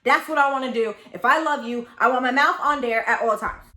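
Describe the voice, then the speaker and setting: A woman's voice: high-pitched, brisk, reverberant. Dramatic, profane woman telling a storytime. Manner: animated, dramatic, blunt and profane. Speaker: storytelling vlogger. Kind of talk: candid storytime confession.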